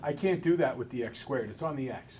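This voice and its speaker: A male math teacher in a classroom, relaxed and a little self-deprecating, talking through each step aloud. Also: medium pitch, a little fast, slight background noise. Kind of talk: classroom lesson. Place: school classroom with students.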